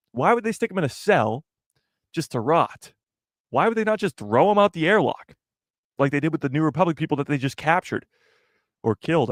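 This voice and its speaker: A young man hosts a live stream and chats straight to his viewers, teasing them and firing off rhetorical questions. His voice sits a bit high and swings widely in pitch. The sound is dry, with no room around it. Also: dry recording. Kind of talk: casual live stream commentary.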